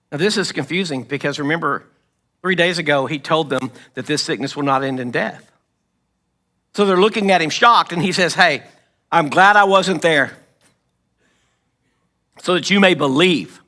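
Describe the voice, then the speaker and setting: Male pastor, high bright voice, lively storytelling sermon, clears his throat often. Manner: storytelling, acts out quoted lines, frequent throat clearing. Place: church.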